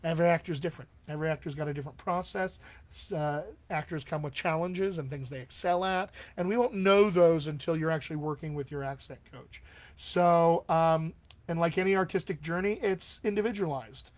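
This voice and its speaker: A man's voice: a little high, brisk. A man hosting a live question-and-answer stream as a dialect coach, talking casually and encouragingly and often checking in with "all right?". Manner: chatty, encouraging, tags lines with "all right?".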